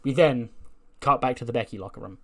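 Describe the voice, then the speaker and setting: A man casually narrating his wrestling game playthrough, chatty and quick to laugh. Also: medium pitch, vocal fry, a bit bright. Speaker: let's play narrator.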